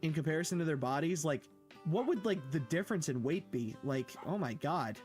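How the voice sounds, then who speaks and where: Excitable swearing streamer man. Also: fairly high pitch, fairly quick, soft background music. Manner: excitable, joking, swears a lot, sudden yells. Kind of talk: casual game-stream commentary.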